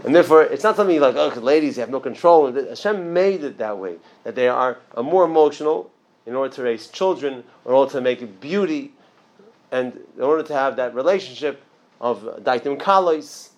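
A man gives an informal religious lesson in an everyday mid-range voice. He talks off the cuff, restarting phrases and adding asides. He pushes his voice higher and louder whenever he drives a point home. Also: expressive, a little fast. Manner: emphatic, jumps up in pitch and loudness to stress points; conversational with frequent restarts and asides. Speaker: religious teacher. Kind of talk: informal Torah class.

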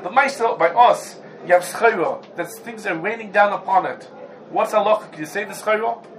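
High-voiced man giving a Talmudic lecture. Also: normal speed, slight background noise, low-quality recording. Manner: animated, repeats and restarts, rhetorical questions. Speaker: Torah teacher.

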